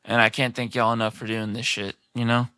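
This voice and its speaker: A laid-back man talking casually on a podcast. He swears freely and circles back to the same phrases. His voice is bright and clean, and the recording is dry and close. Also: mid-range voice, flat delivery, a little fast, smooth, dry recording. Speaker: podcast guest, musician.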